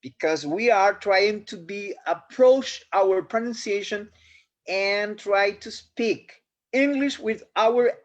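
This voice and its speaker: A man whose first language is Spanish, explaining a point with quick restarts in a casual online discussion. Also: sits high, highs cut off. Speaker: webinar participant. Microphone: video call.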